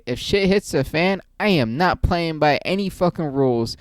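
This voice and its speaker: A man's voice: on the high side, expressive, moderate pace, smooth, no room sound. A man hosting his own channel, ranting casually and profanely about a movie, rambling and joking. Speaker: channel host reviewing a movie.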